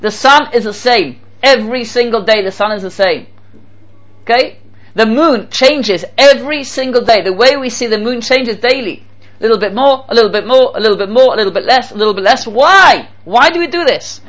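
A man giving a Torah talk as a sermon, animated and repeating phrases for emphasis, with Hebrew terms mixed in. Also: very high-pitched, fairly quick. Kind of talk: sermon with storytelling.

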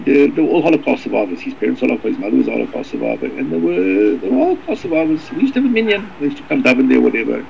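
A man gives a Torah lesson at a brisk clip, his voice rough with gravel. He stumbles and circles back over words, then races through Hebrew readings. The recording is dull and muffled, with a faint hiss underneath. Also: medium pitch. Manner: rapid, halting, repeats words, reads Hebrew fast. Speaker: rabbi teaching a Torah class.

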